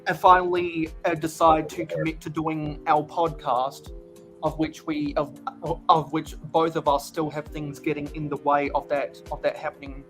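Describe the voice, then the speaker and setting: A man's voice: on the high side, little pitch movement, a bit bright, faint music behind. A man hosting a livestream while building sets, chatting casually with many restarts and hesitations. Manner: halting, lots of restarts. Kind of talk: casual chat.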